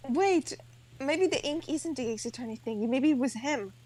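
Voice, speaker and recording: A woman's voice: high-pitched, lively intonation, moderate pace, a little mellow, slightly rough. A woman teasing her friends and bossing them around during a game playthrough. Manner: bossy, teasing. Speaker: gamer in a group playthrough. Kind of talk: casual chat.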